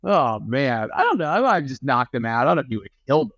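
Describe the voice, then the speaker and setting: A man's voice: mid-range voice, big pitch swings, quick pace, a bit bright, dry recording, highs cut off. A young man co-hosting a podcast, chatting casually and rambling with many restarts. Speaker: podcast co-host. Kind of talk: casual chat.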